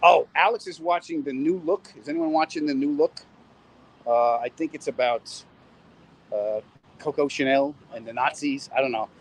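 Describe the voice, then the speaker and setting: A middle-aged comedian walks through town chatting casually on a phone live stream, firing off wisecracks and reading viewers' comments. He talks at a moderate pace in a fairly high voice, and the audio quality is poor.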